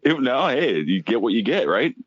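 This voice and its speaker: A man's voice: medium pitch, very animated, normal speed, slightly rough, no room sound, dull audio. A man co-hosting a podcast in casual chat, firing off short incredulous questions and reactions. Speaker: podcast co-host.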